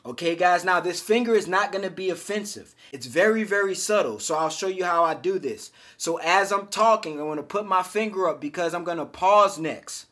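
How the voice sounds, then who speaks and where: A man's voice: high-pitched, a little fast, few pauses, fairly bright tone. A man giving casual, emphatic self-improvement advice straight to his viewers, calling them fellas. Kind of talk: direct-to-camera advice talk.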